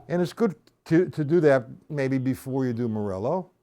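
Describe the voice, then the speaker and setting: A middle-aged man runs a live drum lesson. He talks in a loose, chatty way, breaks each pattern down step by step and counts the beats out loud. His voice swings widely in pitch as he speaks. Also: animated, moderate pace, very noisy. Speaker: drum teacher.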